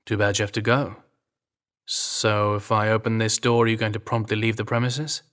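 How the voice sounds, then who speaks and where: A man's voice: on the low side, little pitch movement, normal speed, a bit bright, close to an everyday voice. A man with an English accent voicing a dry, teasing young royal guard in an audio drama reading. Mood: wry. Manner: wry, dry humour.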